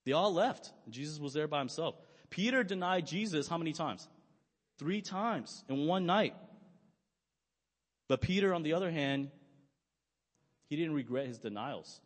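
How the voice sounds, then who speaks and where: A man's voice: on the high side, lively intonation, normal speed, long pauses. A young man preaching a sermon, talking conversationally and asking his listeners questions. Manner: conversational, asks the audience questions. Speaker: pastor. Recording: long hall reverb.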